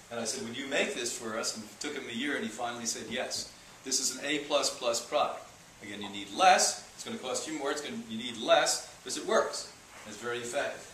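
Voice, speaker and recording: Animated man lecturing in an echoey room. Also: medium pitch, slight background noise. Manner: animated, joking, mocking asides. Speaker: health institute lecturer. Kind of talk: live lecture to an audience. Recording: echoey room, speaker far from mic.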